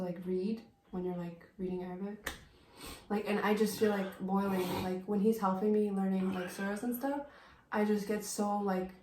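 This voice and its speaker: A woman's voice: medium pitch, darkish tone, slight background noise. Chatty young woman in an echoey room. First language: Vietnamese. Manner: chatty, fills speech with "like". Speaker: vlogger, wife. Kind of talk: casual Q&A chat.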